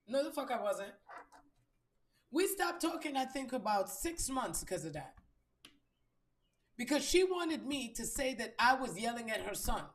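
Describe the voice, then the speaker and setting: A woman's voice: high-pitched, animated, moderate pace. A woman telling a story in a blunt, profane and emphatic monologue as a podcast host. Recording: echoey room.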